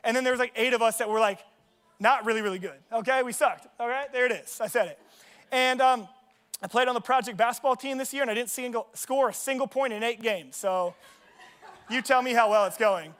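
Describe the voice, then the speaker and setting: A man's voice: very high-pitched, fairly quick, fairly bright tone. A young man preaching a sermon in a casual, joking way, telling stories from his own life at a church service. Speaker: pastor. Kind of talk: sermon with personal storytelling.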